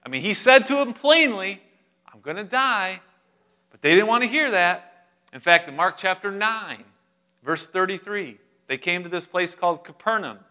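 A young adult man preaching a sermon as pastor, animated and humorous, speaking directly to his congregation. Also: high-pitched, moderate pace.

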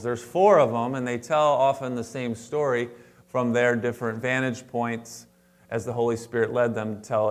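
A man preaching a sermon to his congregation in a conversational way, with restarts and asides, stressing words in sudden louder bursts. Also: medium pitch. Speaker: pastor. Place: church sanctuary before a congregation.

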